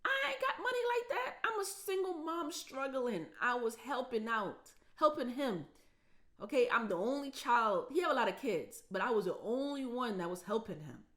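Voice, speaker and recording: A woman's voice: a little high, animated, normal speed, a bit bright. Woman vlogger, casual storytime, emphatic and repetitive, voice cracking from tears. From United States.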